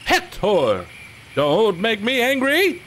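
A man's voice: sits high, wildly swooping pitch, slow, fairly bright tone, slight background noise, voice pushed up, heavily acted. A man reading game dialogue aloud, voicing an earnest young noble lord who stammers when flustered.

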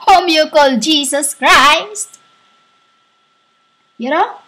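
A woman speaks slowly into a laptop microphone, giving a drifting spiritual monologue. She halts often, searching for her words between long pauses. Her voice sits high. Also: a bit bright, low-quality recording. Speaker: self-styled spiritual speaker. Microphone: laptop built-in microphone.

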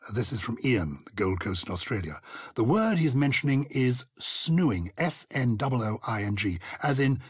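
An older man with a husky, slightly breathy voice that leaps around his range as he co-hosts a chatty podcast. He sounds playful and theatrical, and the dry studio sound keeps him close and present. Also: medium pitch, very animated, normal speed, dry recording. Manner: theatrical, playful, reads listener letters aloud. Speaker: podcast co-host. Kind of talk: casual chat about words.

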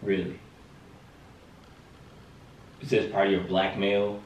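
A man's voice: sits low, little pitch movement, slow pace, darkish tone, distant mic. A young man in casual couple banter, incredulous and defensive, swearing now and then. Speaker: vlogger, prank target. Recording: echoey room, voice from off the mic.

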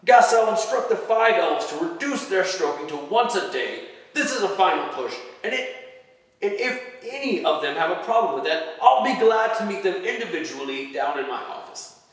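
A man's voice: high-pitched, big pitch swings, moderate pace, pitched above the performer's own voice. A man doing a bellowing, bossy Santa boss. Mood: commanding. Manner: bellowing, commanding. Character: stern bossy old male Santa boss. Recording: echoey hall from far off.

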